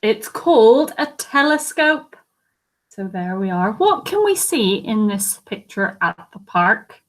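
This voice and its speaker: A woman teacher reading a picture book aloud to children, animated and asking them questions. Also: medium pitch, slow pace. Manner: animated, asks listeners questions. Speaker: primary school teacher.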